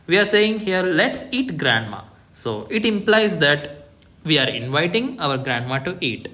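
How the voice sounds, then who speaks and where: A man's voice: fairly high pitch, bright, forceful tone. A young man presenting his academic project, explaining step by step with frequent fillers like "like" and "see". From India. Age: young adult. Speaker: student presenter.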